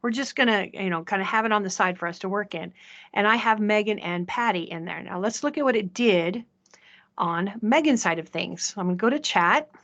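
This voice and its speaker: A woman presenting a software demo in a chatty way, often checking in with the audience. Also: mid-range voice, fairly quick, muffled recording. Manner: chatty, asks "right?" often. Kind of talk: live software demo talk.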